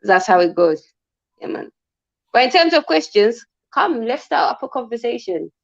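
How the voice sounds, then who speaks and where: A woman joins a casual livestream, her voice a little high. She talks in a smooth, easygoing, laid-back way. Her audio comes through dull and lo-fi. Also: sing-song, moderate pace. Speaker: livestream guest.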